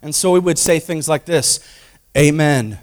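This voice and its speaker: High-pitched, animated male preacher. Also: normal speed. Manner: animated, acts out quoted voices, swings from loud to hushed. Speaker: pastor. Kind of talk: sermon.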